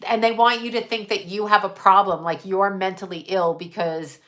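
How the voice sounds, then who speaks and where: A woman's voice: mid-range voice, steady tone, moderate pace, a bit bright. A middle-aged woman hosting a casual livestream, venting bluntly with profanity and reading viewer comments aloud. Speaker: livestream host. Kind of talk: casual live chat.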